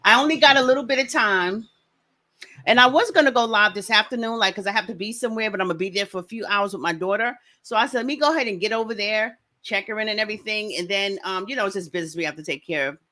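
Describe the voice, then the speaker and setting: A woman hosting a casual livestream, talking fast and greeting viewers by name. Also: mid-range voice, pushed and bright. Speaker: livestream host.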